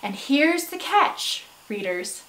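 A woman teaching a phonics lesson to young children, slow and encouraging, stretching out word sounds, with bursts of excited praise. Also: high-pitched, distant mic. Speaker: substitute teacher. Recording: echoey room, voice from off-mic.

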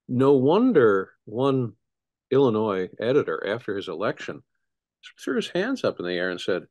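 A middle-aged man, a historian, speaking as an interview guest in an animated storytelling way with frequent restarts. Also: mid-range voice, moderate pace. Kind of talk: conversational interview.

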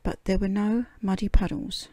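Peppa Pig, read by a woman in a soft whisper. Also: medium pitch, level tone, moderate pace, no room sound, lightly acted. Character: cheerful little girl piglet.

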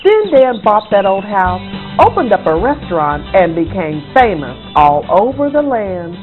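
Woman author, bedtime read-aloud, expressive and rhythmic, phone-like tinny audio, faint music. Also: mid-range voice, measured pace. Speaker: author reading her own book. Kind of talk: bedtime storybook reading.

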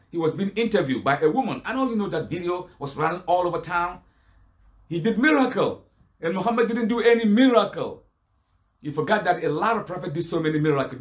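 High-voiced man preaching with rhetorical questions. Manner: argumentative, fires rhetorical questions and answers them. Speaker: Islamic preacher. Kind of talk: preaching rebuttal to a lecture crowd.

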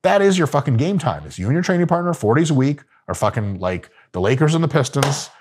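A man's voice: medium pitch, sing-song, fast, darkish tone, husky. A man giving casual, profane, joking coaching talk about gym training. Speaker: fitness coach.

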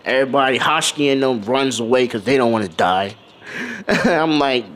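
A man's voice: mid-range voice, normal speed. Man rambling through a fan story. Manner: animated, loose and rambling. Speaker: channel host. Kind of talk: casual fan-fiction storytelling.

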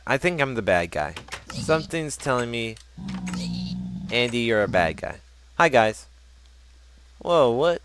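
A man's voice: mid-range voice, a little hiss or hum. A young man giving casual, joking commentary while playing a video game. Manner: animated, joking, reads game text aloud. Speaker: gameplay commentator. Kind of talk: casual let's play commentary.

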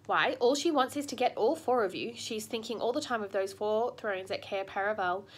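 A woman's voice: medium pitch, moderate pace, breathy edge, natural voice. A woman voicing a practical, motherly female beaver in a storybook reading. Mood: urgent. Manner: practical and warning.

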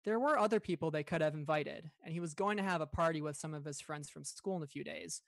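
A man podcast host reading a story aloud in a calm, steady read-along style, lightly voicing the dialogue. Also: on the high side, fast, vocal fry, dry recording.

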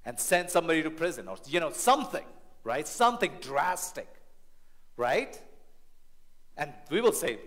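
A man preaching a sermon as family pastor in a church, animated and rhetorical, often checking in with the congregation. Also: fairly high pitch, moderate pace.

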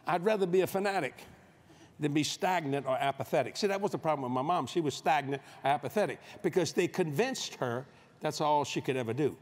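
High-voiced joking male preacher. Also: fairly quick. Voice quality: folksy, joking, storytelling delivery. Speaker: guest preacher. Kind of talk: humorous sermon at a convention. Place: large convention hall stage.

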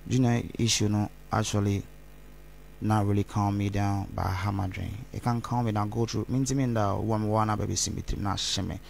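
Gravelly man, low voice. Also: steady tone, normal speed, a little hiss or hum. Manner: rambling, mixes Twi into English. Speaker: interview guest. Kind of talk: candid interview talk.

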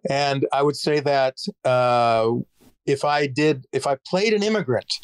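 A man's voice: mid-range voice, unhurried, clean tone, no echo. Thoughtful Canadian man in conversation. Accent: Canadian English. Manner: thoughtful, many fillers and restarts. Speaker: actor, interview guest. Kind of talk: reflective conversational interview.

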